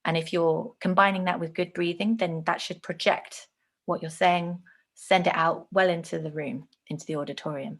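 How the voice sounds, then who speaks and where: A woman teaching an online lesson on speech delivery, explaining in a conversational way with frequent ums and slowing down to stress words. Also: on the low side, steady tone.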